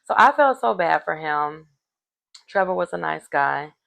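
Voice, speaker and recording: A woman with a somewhat low voice and a lot of vocal fry recaps a reality show. She retells the scenes in a chatty, animated way, with plenty of fillers, like she's gossiping with a friend. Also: unhurried.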